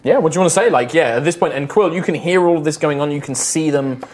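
A man narrating as game master of a tabletop game, in a relaxed style full of fillers. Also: a little high, fast, a little hiss or hum.

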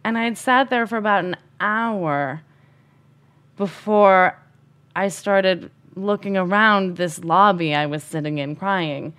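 A woman telling a personal story with an animated, emphatic delivery. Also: medium pitch, slow pace.

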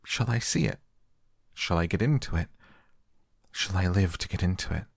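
A man voicing a frail, sickly young boy in a storybook reading, soft-spoken and eager. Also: deep voice, normal speed, creaky, breathy edge, no echo, studio quality, exaggerated voice. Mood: breathless.

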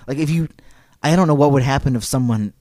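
A man's voice: medium pitch, quick pace, dark tone, no room sound, clean studio sound. Casual male podcast host telling history. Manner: casual, digressive, reads quotes aloud.

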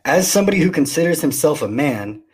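A man's voice: on the high side, sing-song, fast talker, slightly rough. A man co-hosting a podcast, teasing and wisecracking as he reads questions. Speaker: podcast co-host. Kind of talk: joking podcast banter.

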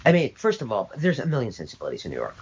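An older woman being interviewed speaks with blunt, sardonic, opinionated conviction, pressing hard on her points in rapid-fire bursts. Her pitch leaps around in huge, animated swings, and she wanders into long, rambling asides before landing the punchline. The audio is slightly dull, with a soft hiss underneath.

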